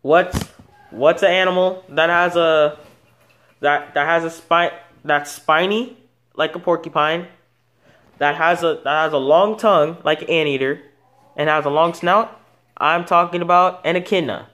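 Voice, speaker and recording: Slightly high and a bit bright, this man's voice keeps a steady tone and measured pace as he hosts an animal video channel. He chats casually without a script, rambling through plenty of false starts and self-corrections.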